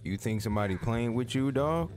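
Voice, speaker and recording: A man's voice: mid-range voice, lively intonation, brisk, a little mellow, faint music behind. A man doing a let's play, joking and coaxing his in-game horse, voice rising and falling a lot, loose casual talk. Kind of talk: casual gameplay commentary.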